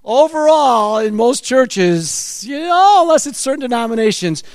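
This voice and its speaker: A middle-aged male pastor preaching a sermon, animated and acting out little scenes as he talks. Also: extremely high pitch, measured pace, clear, resonant tone, dry recording. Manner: animated, acts out voices and quotes.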